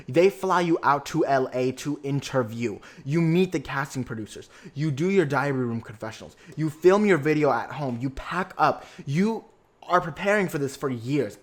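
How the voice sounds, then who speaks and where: A young man hosting a podcast, giving a sassy, gossipy recap of reality TV with lots of swearing and dramatic asides. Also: medium pitch. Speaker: podcast host.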